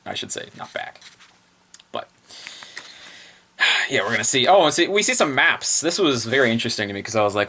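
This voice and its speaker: A man's voice: mid-range voice, sing-song, fairly quick, pauses often, pushed and bright, slight background noise. A man casually reviewing printed books, chatty and off-the-cuff, chuckling often. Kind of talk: casual book review chat.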